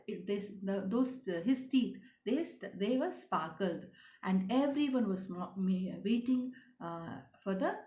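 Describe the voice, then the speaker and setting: A woman's voice: medium pitch, darkish tone. Woman teacher explaining to children. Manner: repetitive, questioning, often asks "children". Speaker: English teacher. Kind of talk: explaining a story to schoolchildren. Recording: roomy, dull lo-fi sound.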